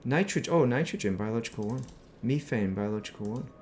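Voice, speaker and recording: A man's voice: mid-range voice, lively intonation, a little fast, a little mellow, a little hiss or hum. A middle-aged man chatting casually while streaming a game, rambling and reminiscing and muttering to himself. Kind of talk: casual gaming stream chat.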